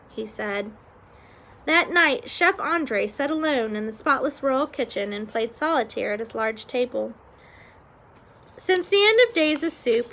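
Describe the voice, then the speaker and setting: A woman reading a children's novel aloud with expressive storytelling. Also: high voice. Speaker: reader.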